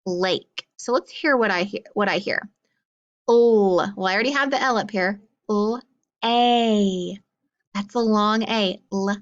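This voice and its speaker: A woman teaching a phonics lesson in an upbeat, encouraging way, sounding out letters slowly. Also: medium pitch, highs cut off.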